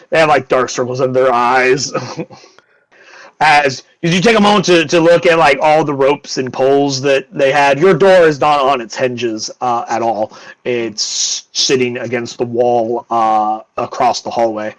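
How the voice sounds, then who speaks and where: A man narrating a tabletop game as game master, voicing nervous crew members in quick lines. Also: medium pitch, poor audio.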